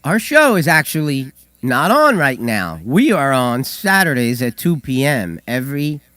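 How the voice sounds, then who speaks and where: A hoarse man co-hosting a call-in show, telling stories with hesitant fillers and dry humor. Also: mid-range voice, sing-song, measured pace, fairly bright tone, dry recording. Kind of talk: casual radio chat.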